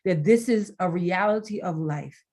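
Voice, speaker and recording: A middle-aged woman on a video call, telling heartfelt stories in an expressive way and laughing now and then as she talks. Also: fairly low pitch, normal speed. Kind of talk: heartfelt conversational storytelling.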